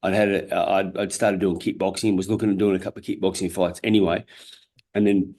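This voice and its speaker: Low-voiced Australian man, candid and earnest. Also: little pitch movement, fairly quick, a little mellow. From Perth, Australia. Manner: candid and earnest, swears freely, frequent restarts. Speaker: guest, former world champion boxer. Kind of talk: casual interview storytelling.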